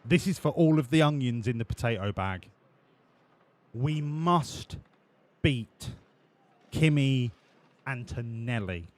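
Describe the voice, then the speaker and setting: A man's voice: medium pitch, animated, slow, long pauses. A man streaming a racing management game, chatting sarcastically and swearing with his viewers. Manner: sarcastic, sweary banter with chat. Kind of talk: casual live-stream commentary.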